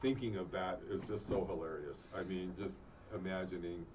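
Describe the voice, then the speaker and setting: A middle-aged man talking in a relaxed, rambling way as a guest in casual chat, full of fillers. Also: low-pitched, normal speed. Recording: distant dull mic with faint noise.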